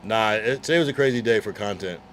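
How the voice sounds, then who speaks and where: A man's voice: on the low side, fast, a bit bright, slight background noise. A man streaming live, reading chat messages aloud in a laid-back, slangy way. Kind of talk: casual livestream chat.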